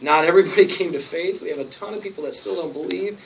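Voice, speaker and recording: A man pastor, telling stories at a conference with a fairly high voice and lively delivery, acting out the voices of others. He is recorded from a distance, and a steady hiss lies under his voice. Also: quick pace, creaky. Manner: storytelling, animated, acts out quotes. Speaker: church planter and pastor. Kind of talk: conference talk. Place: conference room. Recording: distant mic with noticeable hiss.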